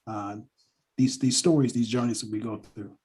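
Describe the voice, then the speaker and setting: A man speaking in a podcast conversation, thoughtful and halting, with a husky voice. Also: mid-range voice, steady tone, a little mellow. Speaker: guest, NICU parent.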